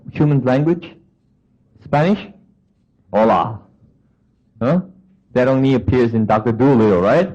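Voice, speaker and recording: A man's voice: mid-range voice, a little mellow, muffled recording. A man preaching a sermon to a congregation, asking questions and acting out the voices of people and of God.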